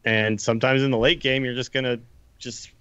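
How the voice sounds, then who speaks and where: A man's voice: medium pitch, level tone, a little fast, a bit bright, smooth, dry recording. A man co-hosting a podcast in a casual, enthusiastic chat, rambling a little and laughing as he talks. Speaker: podcast co-host. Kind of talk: casual gaming discussion.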